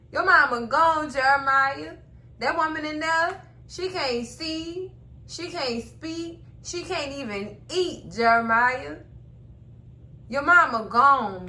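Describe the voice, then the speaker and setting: A woman's voice: sits high, sharp tone. A woman hosting a casual TV episode recap, telling the story animatedly and acting out the characters' lines. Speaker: recap host.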